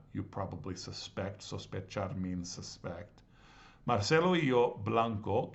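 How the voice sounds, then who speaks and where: A man teaching a language class, patiently walking through exercises and slowly sounding out words syllable by syllable. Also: fairly low pitch. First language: English. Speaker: Spanish teacher. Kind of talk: explaining grammar exercises. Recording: slightly dull lo-fi audio.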